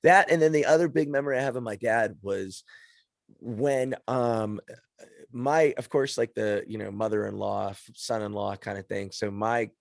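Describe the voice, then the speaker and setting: Gravelly, profane man telling stories. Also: fairly low pitch, moderate pace, no room sound, clean studio sound. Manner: profane, rambling storyteller with frequent restarts. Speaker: podcast guest. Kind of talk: casual chat.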